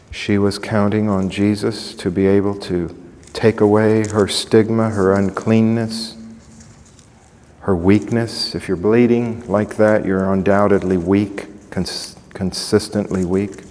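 Male preacher, mid-range voice, swings from quiet questions to ringing shouts, long hall reverb. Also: on the low side, level tone, slow. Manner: rising to loud dramatic shouts when quoting cries; asks the congregation rhetorical questions. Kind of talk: sermon.

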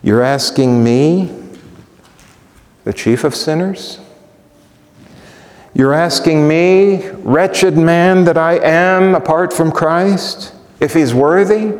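A man's voice: high-pitched, a little mellow, voice pushed up. A preacher voicing a humble old apostle who pleads his questions in disbelief. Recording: long reverb of a church hall.

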